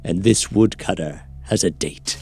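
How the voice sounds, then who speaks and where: An actor playing a menacing woodcutter who taunts coldly. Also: male voice, sits low, darkish tone, slightly rough, heavily acted. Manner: slow, taunting.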